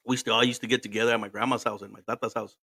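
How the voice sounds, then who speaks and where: A man with a Mexican accent tells family stories in a loose, profane podcast chat. His voice is bright and forward, and he slips between English and Spanish mid-sentence with frequent laughs. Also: fairly low pitch, little pitch movement, rapid-fire, vocal fry, breathy edge, no echo, clean studio sound. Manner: swears freely, switches between English and Spanish, laughs often. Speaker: podcast host. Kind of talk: casual storytelling chat.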